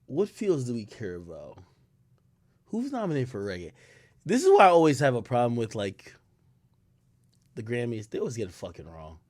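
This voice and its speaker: A man's voice: mid-range voice, huge pitch swings, normal speed, long pauses, dry recording. A man streaming live, chatting loosely with his viewers and swearing freely. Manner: loose and profane, reacting to chat, swings loud and quiet. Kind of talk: casual livestream chat.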